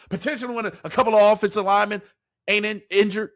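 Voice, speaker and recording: A man's voice: high-pitched, fairly even intonation, fast, a bit bright, no room sound, clean studio sound. A man ranting to his live chat as a sports commentator, repeating rhetorical questions in exasperation.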